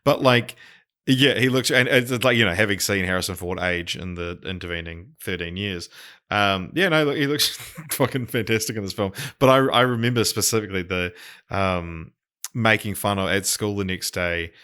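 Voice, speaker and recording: A man's voice: on the low side, moderate pace, bright, forceful tone, smooth. A man co-hosting a podcast in casual chat, rambling and swearing, with many fillers and restarts. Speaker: podcast co-host.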